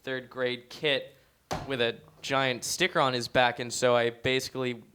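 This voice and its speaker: A young man chatting as a podcast guest, telling stories in a lively, animated way. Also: mid-range voice, unhurried, slight background noise. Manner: animated storyteller, acts out quotes. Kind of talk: casual interview chat.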